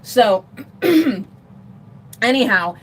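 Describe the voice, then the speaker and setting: Middle-aged woman host, rambling storyteller, higher voice, unhurried delivery. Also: a little hiss or hum. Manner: rambling, animated retelling with laughs. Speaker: vlogger. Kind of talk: casual livestream storytelling.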